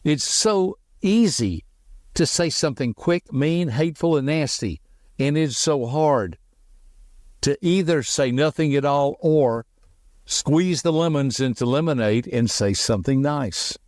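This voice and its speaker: A middle-aged man hosting a motivational podcast, talking quickly and emphatically in a folksy way, with personal stories. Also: fairly high pitch, animated, darkish tone, no echo, studio quality. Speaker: podcast host and personality teacher.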